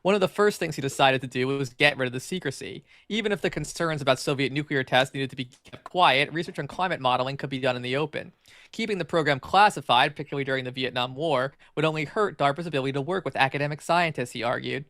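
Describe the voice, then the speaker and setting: Male podcast co-host reads an article aloud, brisk and gravelly, prone to restarts. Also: mid-range voice, a bit bright, no room sound. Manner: fast, filler-heavy reading with frequent stumbles and restarts.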